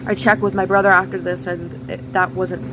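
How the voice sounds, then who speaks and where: A woman's voice: fairly low pitch, flat delivery, moderate pace, noisy background. A young adult woman telling a personal story as a vlogger, candid and raw, swearing bluntly.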